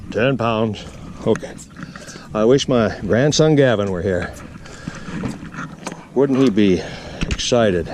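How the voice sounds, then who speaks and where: An older man narrating his fishing trip in a casual vlog, chatting playfully to the fish and his viewers from a small boat. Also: mid-range voice. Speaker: angler vlogger. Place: small boat on a lake outdoors. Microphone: boat-mounted camera mic. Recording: outdoor camera audio with steady noise.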